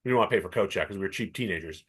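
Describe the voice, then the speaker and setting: A middle-aged man from Canada, co-hosting a podcast and telling a long story with lively acted-out quotes. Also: low-pitched, racing, breathy edge. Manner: animated storyteller, acts out quoted voices. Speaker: podcast co-host. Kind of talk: casual chat.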